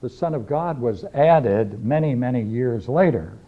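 A man's voice: medium pitch, animated, unhurried. A man teaching a philosophy class, lecturing emphatically and repeating key phrases as he reads and discusses scripture. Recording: dull lo-fi videotape recording.

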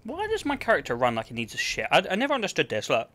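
An English gaming streamer with an Essex accent gives blunt, casual live-stream commentary while he plays, bantering and swearing with his chat. His voice is fairly high, with huge pitch swings, very fast, and bright and forceful in tone.

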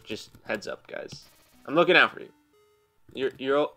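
A young man, hosting a gaming channel, casually narrates his own gameplay from a room at home, often laughing and poking fun at himself. His mid-range voice is animated and sharp in tone, moving at a moderate pace over soft background music.

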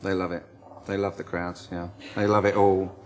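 A man's voice: deep voice, level tone, moderate pace, darkish tone. An English man, a press photographer guest on a chat show, speaking in a cheerful, plain-spoken way.

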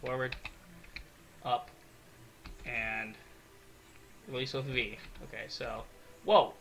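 A young man giving excitable, swear-filled let's-play commentary, talking to himself as he builds in a game. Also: mid-range voice, slow, vocal fry, a little hiss or hum. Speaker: gaming video creator.

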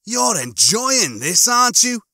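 A man voicing Lister, a panicky young male spacefarer of twenty-five, with shrill, exasperated outbursts. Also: big pitch swings, unhurried, pushed and bright, no echo, clean studio sound, exaggerated voice. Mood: alarmed.

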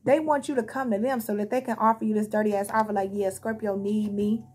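A woman with a fairly high, husky voice talks straight to her viewers as she gives a casual tarot card reading. She is blunt and heated, and she swears freely. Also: fast, darkish tone. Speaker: tarot reader.

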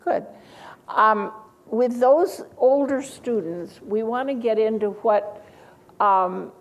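A woman's voice: on the high side, slow, low-quality recording. An older woman giving a teacher-training lecture, chatty, with asides and small laughs. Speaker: lecturer on reading instruction.

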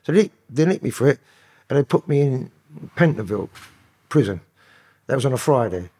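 A man's voice: mid-range voice, expressive, a little fast, dark tone, husky. A man with a London accent, a podcast guest telling stories in profane, rambling street talk. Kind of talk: casual storytelling interview.

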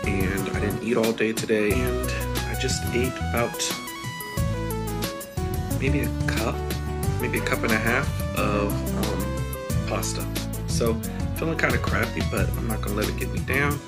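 On a porch outside, a man records a casual vlog over loud music, his lowish voice a little slow with long pauses. Out of breath, he's candid, frustrated and self-critical as he addresses his audience.

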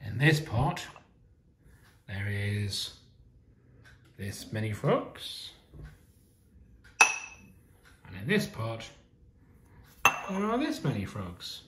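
A man teacher asking young children maths quiz questions in a slow, sing-song way. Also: lowish voice, sing-song, heavy background noise. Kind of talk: early years maths quiz video. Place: home kitchen. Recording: roomy echo.

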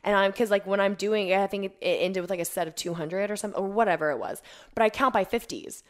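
A woman's voice: mid-range voice, quick pace. A young woman, a guest on a podcast, telling stories in casual chat full of "like" and acting out her own past lines. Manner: animated storyteller who acts out her own quotes, many fillers. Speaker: podcast guest, competitive athlete.

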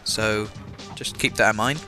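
Slightly slow and on the low side, with fairly even intonation, the voice belongs to a young English let's-play gamer who has a slight cough. He chats casually in his English accent, teasing himself and using many fillers, over game music.

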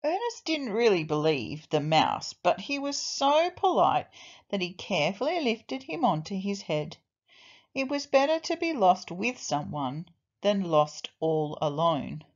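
A woman teacher reading a children's storybook aloud in an expressive, deliberate way. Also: mid-range voice, dull audio.

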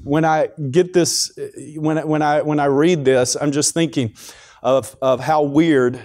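A man's voice: a little high, fairly even intonation, measured pace, a little mellow. A man giving a devotional talk at a school chapel, speaking conversationally with frequent restarts and repeated words.

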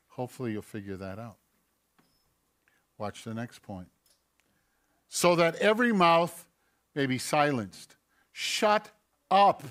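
A man preaching a sermon as pastor in a church, animated, firing rhetorical questions and acting out voices. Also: medium pitch. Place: church sanctuary.

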